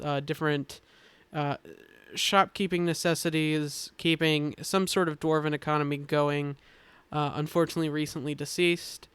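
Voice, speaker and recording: Halting, clear-voiced man explaining. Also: fairly high pitch, fairly bright tone, no echo. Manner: halting, thoughtful explaining with many filler pauses. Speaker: game designer explaining characters. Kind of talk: casual podcast chat.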